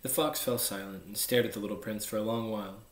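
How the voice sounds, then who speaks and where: A young man, an athlete, reading a children's book aloud in soft, unhurried narration. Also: fairly low pitch, steady tone. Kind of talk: storybook read-aloud. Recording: echoey room.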